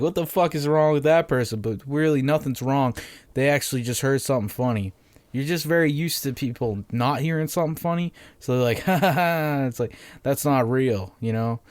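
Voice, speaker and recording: Monotonous sarcastic man ranting. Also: mid-range voice, no echo. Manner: monotonous, deadpan sarcastic, profane. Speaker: podcast host. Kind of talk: casual solo podcast rant. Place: at home. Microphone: microphone on a stand.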